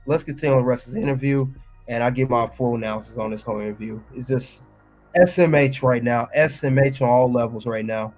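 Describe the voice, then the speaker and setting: A man's voice: mid-range voice, fast talker, a little mellow, soft background music. A man hosting a reaction video, ranting and scolding as he comments on an interview clip.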